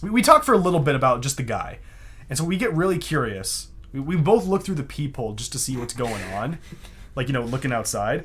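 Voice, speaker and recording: A man's voice: fairly high pitch, breathy edge. A young man on a podcast, casually telling a long story, acting out what people said and laughing often. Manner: animated, acts out quotes in other voices, laughs often. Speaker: podcast co-host.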